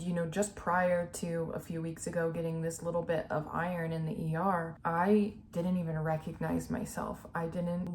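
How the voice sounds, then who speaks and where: A woman's voice: on the low side, darkish tone, a little hiss or hum. Earnest young woman vlogging candidly. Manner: earnest, emotional, filler-heavy with "like" and "you know". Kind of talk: candid personal vlog.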